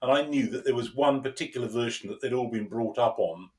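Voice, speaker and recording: Chuckling, animated man discussing books. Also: medium pitch, fast talker, far from the mic. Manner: animated and chuckling, restarts often. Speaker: podcast co-host, lecturer. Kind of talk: conversational discussion.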